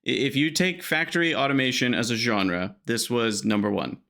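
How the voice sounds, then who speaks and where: A man's voice: medium pitch, moderate pace, creaky, bright, forceful tone. A man co-hosting a podcast in casual chat, articulate and analytical, prone to short tangents. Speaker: podcast co-host.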